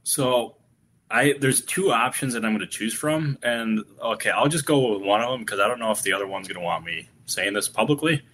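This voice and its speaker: A man's voice: mid-range voice, a little fast, a bit bright, a little hiss or hum. A man co-hosting a live baseball podcast, talking in a wry, teasing way. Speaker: podcast co-host and baseball reporter. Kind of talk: casual live podcast chat.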